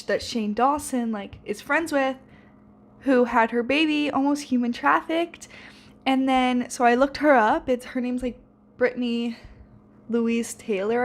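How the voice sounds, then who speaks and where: A seventeen-year-old girl chatting casually in a reading vlog, rambling with lots of fillers and restarts. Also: high-pitched. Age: teens. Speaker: book vlogger.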